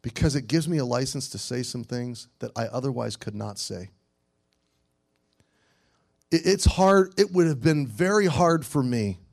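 A middle-aged man preaching a sermon to teenagers, earnest, swinging between loud exhortation and hushed storytelling. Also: medium pitch. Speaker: youth pastor.

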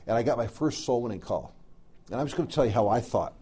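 A man's voice: medium pitch, lively intonation, fast talker, dark tone, husky. A middle-aged man preaching, telling a folksy personal story full of quoted dialogue. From American South. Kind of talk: storytelling sermon.

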